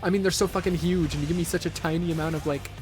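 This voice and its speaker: A man's voice: a little high, steady tone, racing, music in the background. A young man streaming a live game, ranting and swearing at a boss with repeated frustrated outbursts. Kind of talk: live gameplay commentary.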